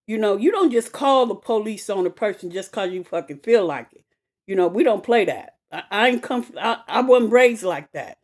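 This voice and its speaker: A woman telling a personal story to camera in an animated, emphatic way, swearing freely and repeating herself. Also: medium pitch, normal speed. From west side of Chicago. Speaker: vlogger.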